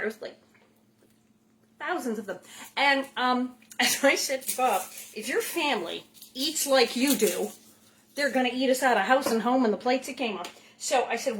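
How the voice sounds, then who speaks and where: A woman's voice: on the high side, slight background noise. Chatty playful woman hosting a cooking show. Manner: chatty and playful, rambling asides, food noises. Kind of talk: casual cooking chat. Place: home kitchen.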